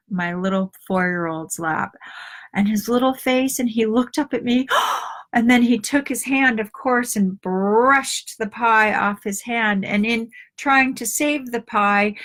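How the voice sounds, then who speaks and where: A middle-aged life coach with a mid-range, slightly bright voice leads an online group in a live video talk. She shares personal stories confidingly, acting out the voices of the people in them.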